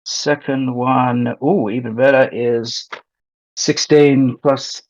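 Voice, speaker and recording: Slow, hesitant man at the table. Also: mid-range voice, fairly even intonation. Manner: hesitant, with many pauses and fillers. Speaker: player. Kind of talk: tabletop game play. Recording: slightly muffled mic.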